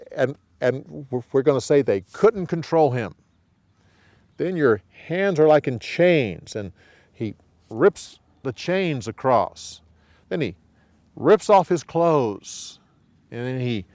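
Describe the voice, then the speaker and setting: A man's voice: mid-range voice, no room sound. A man teaching a Bible story with hand gestures, repeating each part and acting out short quoted lines. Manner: repetitive, steady, acts out short quotes.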